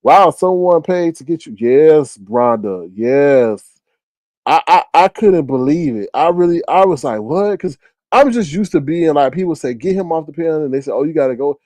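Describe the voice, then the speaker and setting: Animated teasing man hosting a livestream. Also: normal speed, no room sound, poor audio. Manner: animated, teasing, jumps to high exclaiming outbursts. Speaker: live stream host. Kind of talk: casual live chat reading viewer comments. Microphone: phone.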